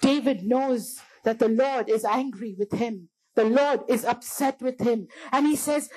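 A woman's voice: fairly high pitch, a little slow, few pauses, warm tone, poor audio. A woman preacher delivering a fervent sermon in a church, often calling out to the congregation as church.

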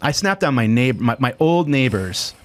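A male comedian guest on a talk podcast who tells self-deprecating stories about his own outbursts. His voice sits at an ordinary middle pitch. He speaks in a loose, conversational way. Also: sing-song, normal speed. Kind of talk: comedic storytelling chat.

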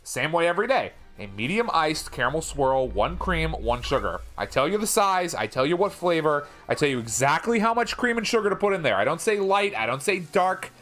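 An excitable young man streaming video games, with a bright, fairly high voice. His pitch swings widely, jumping into shouts when things go his way, and he swears freely. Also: a little fast, few pauses. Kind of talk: live gaming stream.

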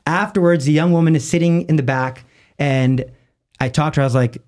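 Guy telling a story on a podcast, jumps way up in pitch doing other people's voices, rattles off the side comments. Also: a little mellow. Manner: acts out quoted voices with big jumps in pitch; rushes asides in quick bursts. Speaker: guest, lay evangelist. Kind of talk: animated storytelling in conversation.

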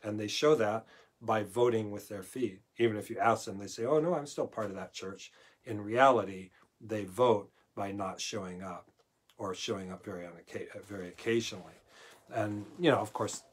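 A male pastor giving a conversational verse-by-verse Bible teaching, moving between loud emphasis and quiet asides. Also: on the low side, steady tone, normal speed, breathy edge. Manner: conversational, swings from loud emphasis to near-murmur.

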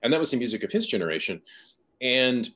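A man's voice: medium pitch, sing-song, fast. A man, a novelist, speaking thoughtfully and personally as the guest in a conversational interview. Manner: thoughtful, soft-spoken, personal.

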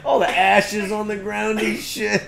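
A man's voice: sits high, flat delivery, measured pace, gravelly, a bit bright. A man casually retelling old stories to a friend, laughing often and swearing freely. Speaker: gaming streamer. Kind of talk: casual storytelling chat.

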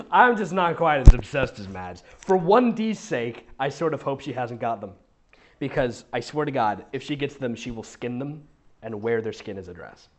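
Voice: mid-range voice, animated, unhurried, a little hiss or hum. Giggling sarcastic fanfic reader. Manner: sarcastic asides, frequent laughter. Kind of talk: mocking comedic fanfic reading.

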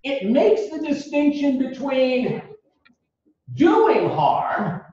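A man giving a classroom lecture on ethics, animated and raising his voice when he acts out quotes. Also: very high-pitched, very slow. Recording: distant lo-fi recording in a very echoey classroom.

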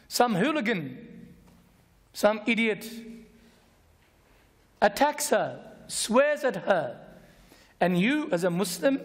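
A man giving a Friday night religious lecture, emphatic and repetitive, slowing to stress key words, recorded in a lecture hall. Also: high-pitched. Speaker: Islamic lecturer. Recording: long echoing hall reverb.

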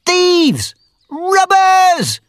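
A bold, quick-tempered young miller speaks in a raised, lively voice, put on by a male storybook reader. He sounds husky and close to the mic in a dry space. The voice swings widely in pitch. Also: no room sound. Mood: furious. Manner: high-pitched, shouting when angry.

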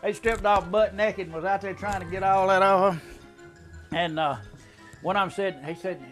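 A man's voice: high voice, steady tone, normal speed, a bit bright, soft background music. An older man telling a family story in a folksy, drawling way, chuckling often. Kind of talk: casual storytelling.

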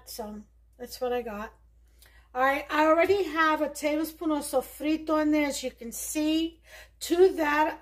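This high-pitched woman, who has a New York accent, hosts a relaxed cooking demonstration at home. She chats away and thinks aloud, filling her speech with fillers.

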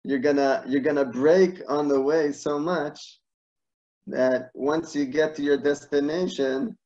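Man, online class, storytelling, animated, searching for words, dull video call audio. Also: fairly high pitch, a little slow. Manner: animated, laughs at his own stories, searches for words. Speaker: teacher.

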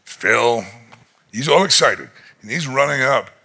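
A man preaching a conference sermon, retelling a story dramatically and acting out its voices, rising to shouts at its peaks. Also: mid-range voice, animated, a little slow, gravelly. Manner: shouts in climactic moments. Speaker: pastor. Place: conference hall.

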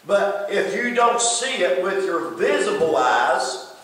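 Preacher, emphatic sermon, high voice, heard from far off in a big echoing church hall. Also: male voice, sing-song, takes it slowly, fairly bright tone. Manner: emphatic, addresses listeners by name.

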